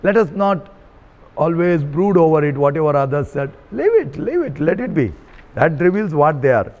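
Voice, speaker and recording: A Catholic priest preaches a sermon in a high male voice. He is earnest and repeats his key phrases for emphasis. His words ring out with a long reverb in a large hall. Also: very animated, moderate pace, darkish tone, lo-fi sound.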